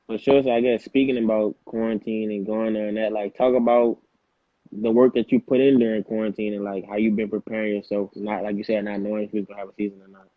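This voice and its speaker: A man's voice: fairly low pitch, little pitch movement, fast talker, no echo. A man interviewing a young athlete, asking questions casually and saying "like" and "for sure" a lot. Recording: dry, phone-like line.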